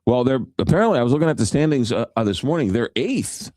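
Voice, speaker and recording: A man's voice: mid-range voice, big pitch swings, quick pace, darkish tone, no echo, studio quality. A man hosting a casual morning radio show, joking with co-hosts and dropping into comic voices. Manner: jokey, slips into comic voices and accents.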